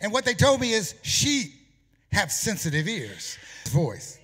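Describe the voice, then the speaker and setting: Bright, lively-voiced male pastor preaching. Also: high-pitched, a little slow, big-room sound, a little hiss or hum. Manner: emphatic, animated preaching with sung phrases. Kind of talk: sermon. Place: church sanctuary.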